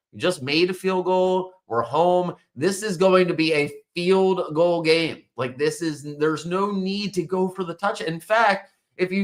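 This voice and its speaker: A man's voice: a little high, a bit bright. Male sports talk host, exasperated fan ranting, casual with profanity. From Baltimore area. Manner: frustrated, exasperated, swears.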